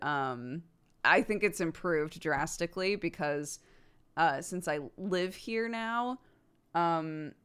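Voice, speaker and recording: A woman streamer casually answering chat questions, animated, laughing often and swearing freely. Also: on the low side, smooth.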